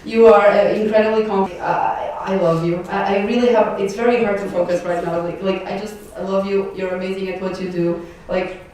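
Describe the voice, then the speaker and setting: A woman's voice: mid-range voice, steady tone, fairly quick, few pauses, darkish tone. A young Portuguese woman, a native Portuguese speaker, giving an emotional, rambling farewell speech with laughs between her thanks. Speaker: outgoing board member giving a closing speech. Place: large echoey event hall. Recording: echoey hall, distant mic, faint noise.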